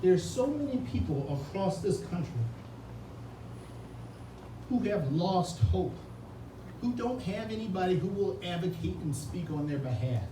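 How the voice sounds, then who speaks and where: A political candidate delivers an earnest, emotional campaign speech at an indoor reception, his high-pitched, expressive voice measured and full of pauses. Moved to tears, he repeats words, and the distant mic catches an echoey room and ambient noise.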